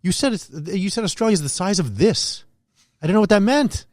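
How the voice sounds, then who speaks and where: A man's voice: sits high, expressive, fairly quick, a little mellow, no echo, studio quality. Questioning New York-raised man. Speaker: podcast host. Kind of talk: casual chat.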